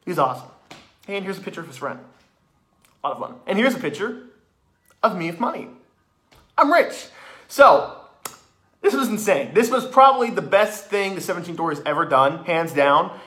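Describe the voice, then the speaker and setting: A man excitedly retelling a haunted attraction visit in a casual, swearing review with many restarts. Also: high voice, normal speed, long pauses.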